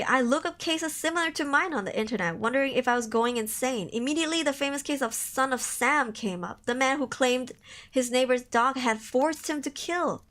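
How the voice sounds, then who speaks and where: A young woman on a livestream reads horror stories with dramatic narration. She breaks off for joking asides. Her voice sits a little high. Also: fairly bright tone. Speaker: streamer.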